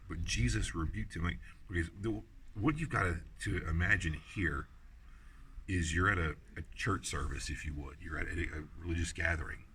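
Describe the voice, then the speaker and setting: A man from the United States gives an on-site Bible lesson at outdoor ruins, talking loosely and often filling or restarting his sentences. His low voice moves a little fast, with background noise, and the distant mic records clear outdoor ambience.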